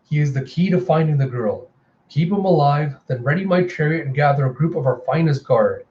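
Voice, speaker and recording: A man voicing an urgent vampire general in a comic readthrough, barking brisk orders. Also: on the high side, reverberant, lo-fi sound, lightly acted.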